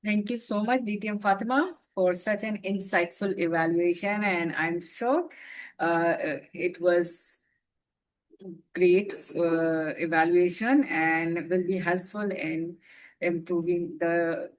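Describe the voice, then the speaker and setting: A woman's voice: lowish voice, fairly even intonation, takes it slowly. A woman hosting an online club meeting who thanks an evaluator and introduces the next role, with frequent fillers. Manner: hesitant with many fillers. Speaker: meeting host.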